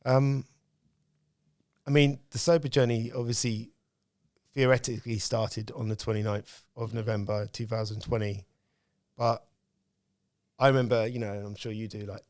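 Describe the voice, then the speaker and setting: A man's voice: medium pitch, steady tone, normal speed, long pauses, darkish tone, no room sound, studio quality. A man, speaking as a podcast guest and telling candid stories about his own life in casual conversation. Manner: candid storytelling, reflective.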